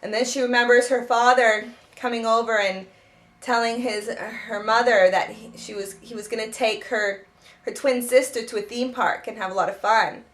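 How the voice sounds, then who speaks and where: Woman, self-help teacher, slightly high voice, earnest and explanatory, frequent restarts. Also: fairly even intonation, normal speed, fairly bright tone. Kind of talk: spoken self-help advice.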